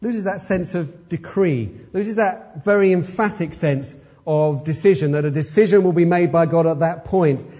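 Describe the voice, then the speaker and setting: A man's voice: a little high, normal speed, mellow. A man preaching an expository sermon, emphatic and fond of rhetorical questions.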